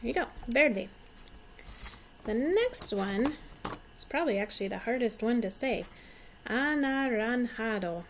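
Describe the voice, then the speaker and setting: A woman's voice: on the high side, animated, normal speed, pauses often, slight background noise. A woman in her forties, teaching young children and speaking patiently, repeating each word so they can say it along with her. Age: 40s. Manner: encouraging, repeats words for children to echo. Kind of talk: slow, patient classroom instruction.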